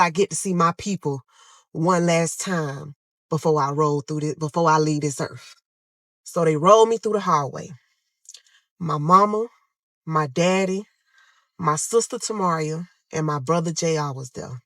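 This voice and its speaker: A woman's voice: lowish voice, normal speed, dry recording. A young woman telling an emotional true story to viewers, acting out her own pleas and cries as she talks. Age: young adult. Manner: dramatic, addresses listeners as y'all, acts out her own pleas loudly.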